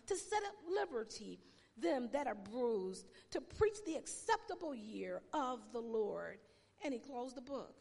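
A woman pastor preaching a sermon with emphatic pauses and shouted exclamations, her voice sounding tired. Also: high voice, creaky, long reverb tail.

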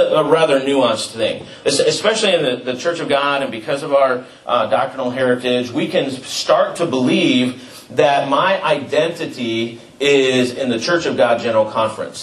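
A man's voice: medium pitch, lively intonation, unhurried. A middle-aged man preaching a sermon as pastor, in a conversational, storytelling way with asides and fillers. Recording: roomy, distant mic with faint ambience.

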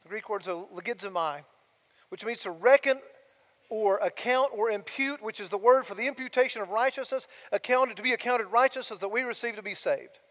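A man's voice: high voice, brisk, fairly bright tone. A middle-aged man, preaching a sermon as a pastor in a conversational way, full of asides and rhetorical questions. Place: church sanctuary. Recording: long hall reverb of a church.

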